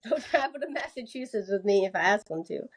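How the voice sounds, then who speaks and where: A woman's voice: mid-range voice, expressive, brisk, breathy edge. A young woman from the American South chatting casually as a podcast guest, laughing often and filling her speech with "like". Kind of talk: casual interview chat.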